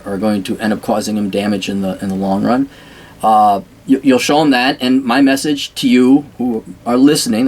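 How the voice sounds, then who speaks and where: A man delivering a casual ranting monologue, blunt and sarcastic, swearing often and clearing his throat between thoughts. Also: medium pitch, a little mellow. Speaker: commentator.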